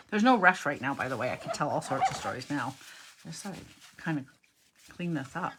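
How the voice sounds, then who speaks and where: A woman's voice: sits low, expressive, a little fast, background noise. A middle-aged woman giving a casual cardmaking lesson at her craft table, chatty and thinking aloud as she works, often correcting herself. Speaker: cardmaking instructor.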